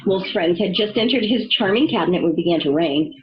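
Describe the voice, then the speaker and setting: A woman reading a children's storybook aloud, expressive and storytelling. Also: lowish voice, quick pace, muffled recording, background noise. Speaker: reader.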